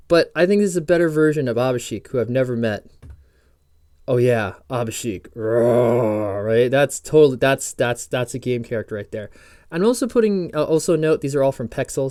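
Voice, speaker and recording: Casting: male coding instructor, mellow dry voice, rambling and jokey, reads docs aloud. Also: medium pitch, dry recording. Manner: rambling, self-interrupting, jokey asides while reading docs aloud. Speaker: programming course instructor. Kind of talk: casual screen-recorded tutorial.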